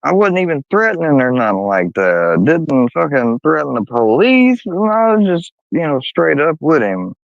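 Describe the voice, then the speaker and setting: A man's voice: on the high side, big pitch swings, moderate pace, gravelly, few pauses, dry recording. A man telling a story in casual talk, swearing a lot and getting heated as he acts out what others said. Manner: profane, heated, quotes others in a raised voice. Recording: dull, dry lo-fi sound.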